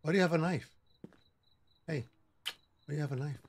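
A man's voice: on the high side, a little fast, slight background noise. A man giving joking, sassy commentary while he plays a horror game, bantering with the characters on screen. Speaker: gaming channel host.

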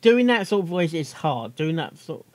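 A man's voice: a little high, very animated, normal speed, darkish tone, dry recording. A man hosting a casual reaction video, chatty and giggly, often tripping over his words.

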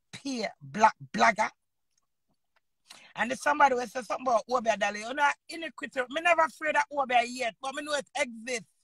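A Jamaican woman in her fifties, an entertainer and host, ranting loudly in an unscripted live video and swearing freely. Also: high voice, breathy edge, no room sound. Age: 50s. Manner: loud, combative, swearing freely.

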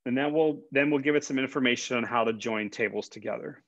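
A man's voice: mid-range voice, fast talker, a bit bright, no echo. A man, a college instructor, giving a conversational classroom lecture with fillers and repeated words. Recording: dull, dry lecture recording.

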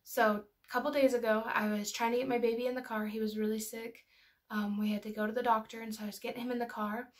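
A mother teaches parents in a casual, chatty way, telling stories and using lots of filler words. Her voice is slightly high and level in tone, and she talks fast.

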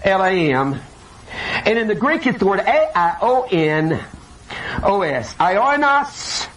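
An older man preaching a sermon with animated delivery, acting out scripture quotes and personal stories. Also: high voice, takes it slowly. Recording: distant mic with faint hiss.

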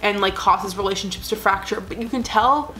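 Talking a little fast in a sharp-toned, mid-range voice, a young woman vlogger chats casually. Her earnest, emotional rambling gushes along, heavy with "like" fillers.

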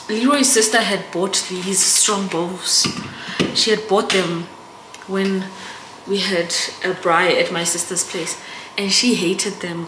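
A young South African woman vlogging casually to camera, chatty and emotional, often turning to her viewers. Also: fairly low pitch. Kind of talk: casual vlog chat to camera. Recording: echoey room with background noise.

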